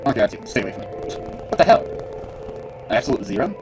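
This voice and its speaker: A man's voice: medium pitch, big pitch swings, quick pace, music in the background. A man giving casual gameplay commentary, muttering to himself and bursting into cursing rants. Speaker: gamer playing a role-playing game.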